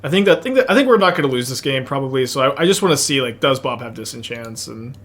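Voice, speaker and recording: A man with a Texas accent talks through his online card game as he plays. He thinks aloud in a rambling, excitable way, jumping between plays and side thoughts. His voice reaches a desk mic in casual gameplay commentary. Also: mid-range voice, quick pace.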